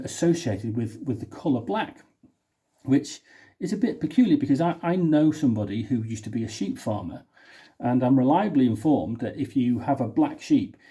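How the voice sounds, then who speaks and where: A man's voice: medium pitch, dark tone. A man from the United Kingdom talking casually to camera, thinking aloud with many restarts. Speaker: singer and video host. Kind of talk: casual spoken vlog talk. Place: indoor room.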